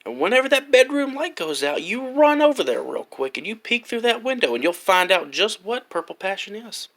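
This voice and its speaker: A gentle old lady with a high, slow, honeyed voice, as a man puts her on for a joke. She coos and draws her words out sweetly. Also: big pitch swings, full character voice. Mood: kindly. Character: kindly old woman at a bus stop.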